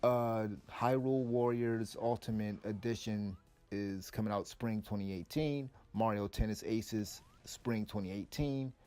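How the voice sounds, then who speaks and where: A man's voice: on the low side, a little slow, a little mellow. A man giving casual, rambling opinion commentary on game news, blunt and often restarting his sentences.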